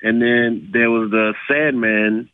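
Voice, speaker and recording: A man's voice: mid-range voice, fairly even intonation, smooth, no room sound. Laid-back man on a tinny phone line. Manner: halting, laid-back delivery with frequent restarts. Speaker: guest comedian on the phone. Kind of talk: casual storytelling.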